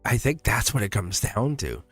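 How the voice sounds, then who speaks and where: A man's voice: fairly low pitch, sing-song, normal speed, fairly bright tone, breathy edge, no room sound, faint music behind. A man giving a casual live-stream tarot reading. He talks in a chatty, emphatic, reassuring way and laughs often between phrases.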